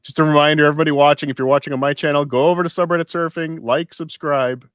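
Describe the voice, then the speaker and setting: A man's voice: fairly high pitch, fairly even intonation, fast talker, a bit bright, clear, resonant tone, no echo. Dry-voiced male podcast co-host. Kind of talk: casual podcast chat, reading posts aloud.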